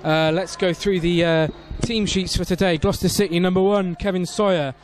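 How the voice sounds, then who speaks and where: A man commentating on a football match for club radio, filling gaps with "uh" and climbing high at penalties and saves. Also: steady tone, moderate pace. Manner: reads team sheets with many fillers, rises sharply at big moments. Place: outdoor football stadium.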